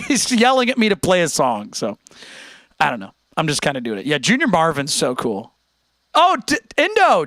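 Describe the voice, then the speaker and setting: A man's voice: fairly high pitch, no room sound. A young American man hosting a live stream, chatting casually and answering his chat. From United States. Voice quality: animated, chatty, talks straight to chat.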